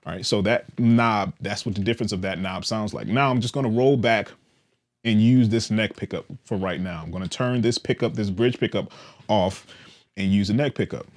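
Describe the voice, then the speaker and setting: A man casually demonstrating and explaining a bass guitar's controls, in a relaxed, explanatory way with frequent "all right" checks. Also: normal speed. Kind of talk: casual instructional demo.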